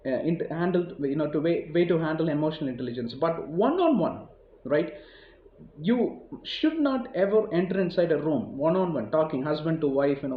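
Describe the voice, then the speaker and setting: A man's voice: a little high, slight background noise. Indian man, motivational speaker, rambling chatty delivery, dull lo-fi sound. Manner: rambling, conversational, heavy use of "you know" and repetition. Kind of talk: motivational talk. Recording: roomy, dull lo-fi recording.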